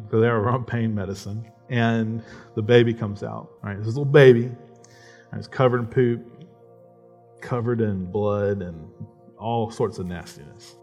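A man preaching a conversational sermon, often checking in with "right?" and building to emphatic passages. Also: fairly low pitch. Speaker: pastor.

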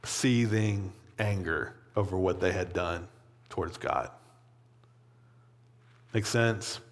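A man preaching a sermon in a relaxed, conversational way, with plenty of casual fillers. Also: low-pitched, slow pace. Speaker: pastor. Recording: long hall reverb.

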